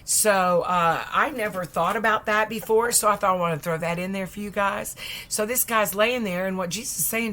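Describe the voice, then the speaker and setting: A woman preacher retelling a Bible story in a lively, conversational sermon, dropping at times into soft whispers. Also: medium pitch, moderate pace. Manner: lively, acts out voices, drops to whispers.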